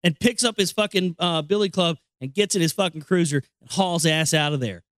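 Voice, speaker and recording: A man's voice: on the high side, fairly quick, a bit bright, dry recording. A man hosting a show, reading out news stories and ranting about them in a profane, sarcastic, rambling way. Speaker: show host.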